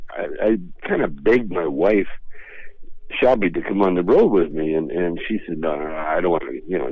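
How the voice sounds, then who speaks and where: A man's voice: sits low, no echo, lo-fi sound. An older man, a comedian, telling rambling, laid-back stories as a radio interview guest, often restarting his sentences. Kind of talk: casual storytelling.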